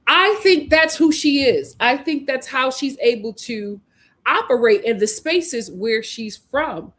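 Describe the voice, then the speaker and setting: Woman host, opinionated live commentary, slightly high voice, emphatic delivery. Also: animated, unhurried, a bit bright. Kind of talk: live show recap and commentary.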